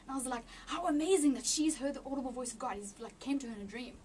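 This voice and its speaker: A woman giving an emotional personal testimony in an interview, halting with many restarts and near tears. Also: high-pitched, darkish tone, recorded from a distance, a little hiss or hum. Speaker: interview guest.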